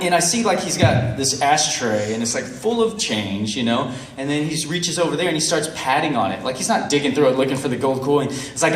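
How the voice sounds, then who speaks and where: A man's voice: fairly high pitch, a little fast, few pauses, a little hiss or hum. A man in his thirties telling a funny story to a live audience, laughing often and acting out the voices in it. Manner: animated, laughing, acts out voices. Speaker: convention panel guest. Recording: roomy hall, mic from far off.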